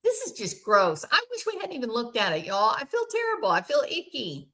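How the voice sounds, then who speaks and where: A woman's voice: on the high side, huge pitch swings, moderate pace, a bit bright. A woman hosting casual true crime commentary, bluntly and indignantly answering viewers by name. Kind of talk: casual commentary reacting to chat.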